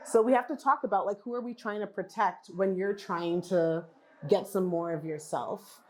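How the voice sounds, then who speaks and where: Woman chatting at a summit talk, lively, jumps up high when she mimics people, lots of audience questions. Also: normal speed. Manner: animated, asks the audience questions, acts out other people's lines. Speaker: genealogy practitioner and speaker. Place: summit event.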